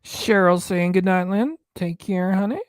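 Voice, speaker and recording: A man's voice: high-pitched, measured pace, smooth, no echo, clean studio sound. A man hosting a casual late-night livestream chat, reading viewer comments aloud into a desk microphone and answering them in a folksy, joking way. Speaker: livestream host.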